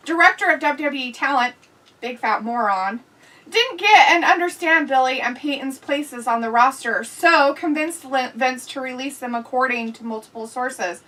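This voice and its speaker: A woman's voice: sits high, sharp tone, distant mic, low-quality recording. A woman hosting a casual live stream, reading viewer comments aloud and reacting with blunt, crude jokes and frequent laughter. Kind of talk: casual, profane watch-along chat.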